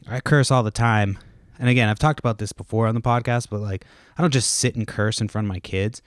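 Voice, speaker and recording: A man in his thirties hosts a podcast from home with kids nearby, speaking a little fast in a lowish voice. He rambles casually, curses often, and interrupts himself to chase tangents, in clean studio sound with no room noise.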